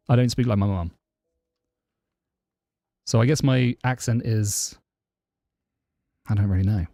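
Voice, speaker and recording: A southeast London programmer on a live stream takes a measured pace in a lowish voice, pausing often as he answers chat questions and thanks subscribers warmly. His southern English accent is close to received pronunciation, though less posh. There's no room sound, with faint music in the background.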